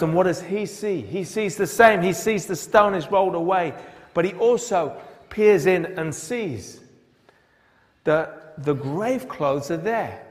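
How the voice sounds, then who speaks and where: A male pastor preaching a sermon. He retells a Bible story dramatically and asks many rhetorical questions. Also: fairly high pitch. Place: large church. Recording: long church reverb.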